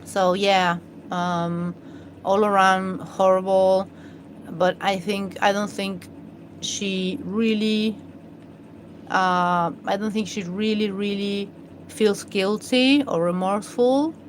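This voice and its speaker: A woman's voice: medium pitch, steady tone, slow pace, a little hiss or hum, rough recording. A woman hosting a live stream, chatting in a rambling, hesitant way with many fillers and restarts. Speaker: livestream host.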